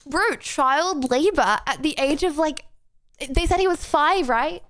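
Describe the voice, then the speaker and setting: A woman's voice: high-pitched, animated, measured pace, a bit bright, dry recording, studio quality. A woman in her twenties with an English accent, improvising a prim job-interview role-play for her stream with lots of ums. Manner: playfully prim, hesitant with many ums. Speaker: livestreamer.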